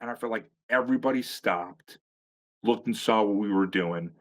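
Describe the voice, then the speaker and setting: With a lowish voice at a moderate pace, a middle-aged man who wrestled professionally for years shares stories casually. He's profane and sarcastic, wandering off track and restarting frequently.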